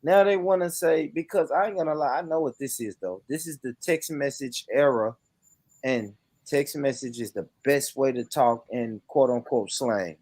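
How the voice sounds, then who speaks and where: A man's voice: medium pitch, normal speed, a little mellow, no room sound. An American man streaming a casual reaction chat, laughing often and swearing emphatically. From United States.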